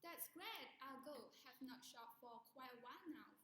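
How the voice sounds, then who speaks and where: Woman playing a high, bright young girl keen on shopping, roomy audio. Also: lively intonation, moderate pace, slight background noise.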